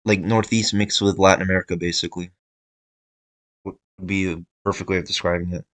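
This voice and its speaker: Young guy talking thru a tier list, kinda low voice, dry mic, lots of um like I'd say. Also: flat delivery, a little fast, a bit bright, no echo, rough recording. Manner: hesitant, thinking aloud with fillers and restarts. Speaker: video creator ranking states. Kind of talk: casual tier-list commentary.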